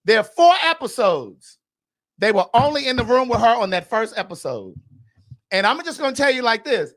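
A man's voice: very high voice, big pitch swings, normal speed, fairly bright tone. A man hosting a podcast, giving blunt, sassy, gossipy commentary in a casual chat. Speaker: podcast host.

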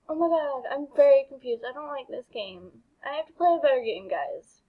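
Woman gamer, higher voice, slow bewildered reactions, dull lo-fi recording. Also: animated. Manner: bewildered, exclaiming, laughing between lines. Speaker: gaming YouTuber. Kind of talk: reading game text aloud with reactions.

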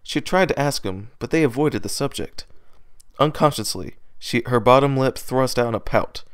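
A man narrates a story aloud in a steady reading voice, now and then stumbling and starting a word again. His tone is smooth and clean at a middle pitch. He sits close to the microphone in a dry, dead room. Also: moderate pace, dry recording. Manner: steady reading with small slips and restarts. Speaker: fan fiction reader. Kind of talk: amateur read-aloud narration.

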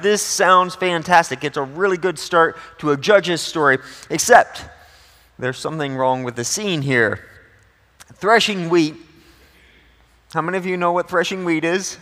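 A man's voice: fairly high pitch, animated, normal speed, fairly bright tone. A male pastor preaching a sermon in a conversational, joking way, with a long church reverb. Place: church sanctuary.

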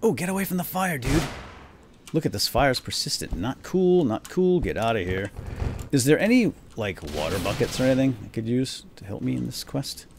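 A man hosting a let's play video, commenting on a boss fight with excited exclamations. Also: medium pitch, moderate pace, background noise. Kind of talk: gameplay commentary.

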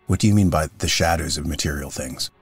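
A man reading the lines of a fussy, sharp-tongued dead woman, with curt, querulous replies. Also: very deep voice, quick pace, breathy edge, dry recording, faint music behind. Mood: snappish. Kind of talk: audiobook reading of a character.

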